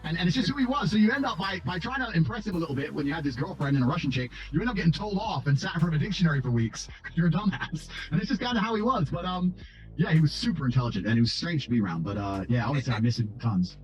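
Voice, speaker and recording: In archived interview clips, a man tells stories about his family, blunt, brash and swearing freely. His voice is a little high with lively intonation and a rapid-fire delivery; the highs are cut off, and soft music plays in the background.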